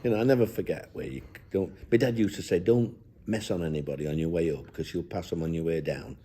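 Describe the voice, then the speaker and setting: With a low, dark and husky voice, an older football manager talks fast as he reminisces in an interview. His reflective chat is down-to-earth and rambling, with frequent restarts.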